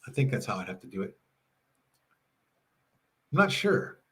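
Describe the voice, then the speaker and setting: This livestream host, a middle-aged man, has a fairly low voice with big pitch swings, a slightly bright tone, and a breathy edge, speaking at a moderate pace. Chatty and quick to laugh, he reads viewer messages aloud from his home RV.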